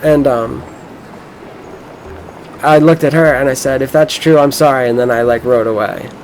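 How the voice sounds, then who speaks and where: A man's voice: mid-range voice, fairly even intonation, normal speed, slight background noise, rough recording. A young man from Florida talking casually over a game, rambling and cursing as he tells a boastful story. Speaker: gameplay streamer. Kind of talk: casual rambling gameplay commentary.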